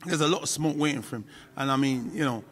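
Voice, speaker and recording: A man's voice: mid-range voice, quick pace, fairly bright tone. A man talking as a guest in a casual interview, often starting with "listen" and restarting his sentences. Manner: repeats "listen", restarts often, laughs easily.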